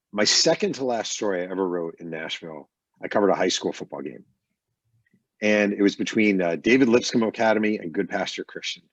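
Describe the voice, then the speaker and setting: A middle-aged man with a low voice tells animated stories in a casual interview. He acts out the people in his stories as he talks. The sound is dry and muffled, like lo-fi video call audio from a bedroom. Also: husky, dry recording. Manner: animated anecdotes with acted quotes. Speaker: author guest.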